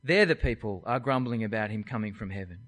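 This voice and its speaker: A man's voice: lowish voice, animated, quick pace, fairly bright tone. A man, preaching by talking through a Bible passage verse by verse in a conversational way. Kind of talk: expository Bible teaching.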